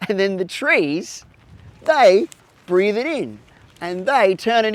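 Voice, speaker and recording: A man's voice: high voice, sing-song, slow. A man with an Australian accent hosting a children's show, talking to kids in a playful, exaggerated way. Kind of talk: educational talk to kids.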